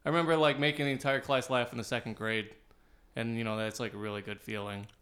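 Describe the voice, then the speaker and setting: Man, podcast co-host, middle pitch, relaxed halting chat. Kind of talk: casual chat.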